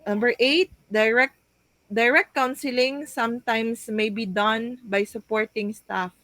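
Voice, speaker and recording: A woman's voice: on the high side, steady tone, unhurried, fairly bright tone, no room sound, low-quality recording. A young woman giving a class report, hesitant, with frequent fillers and restarts as she reads out points. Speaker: student presenting a class report.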